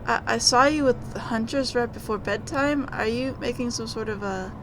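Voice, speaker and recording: A woman's voice: on the high side, normal speed, background noise, lightly acted. A woman voicing a stammering shy male wraith. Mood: awkward, nervous. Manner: stammering, hesitant, soft-spoken. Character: shy awkward male wraith, nervous and lonely.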